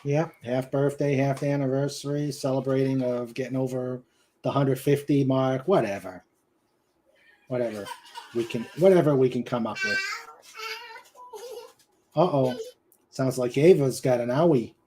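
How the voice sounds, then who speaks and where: A man's voice: medium pitch, warm tone, a little hiss or hum. A man with a New England accent hosting a casual web show, telling jokes and laughing often. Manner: joking, unhurried, laughs often. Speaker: host.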